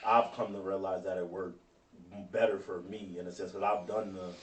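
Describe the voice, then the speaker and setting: A man with a low voice chats casually on a podcast, circling back and restarting his thoughts in easy slang. The sound is roomy and set back from the mic, with a faint hum of ambience underneath. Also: steady tone, normal speed, distant mic. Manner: loose, rambling slang with frequent restarts. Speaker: podcast co-host. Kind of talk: casual chat.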